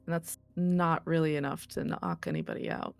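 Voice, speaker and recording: A woman's voice: low voice, normal speed, faint music behind. Casual woman game master. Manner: relaxed, filler-heavy narration. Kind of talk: narrating a tabletop role-play.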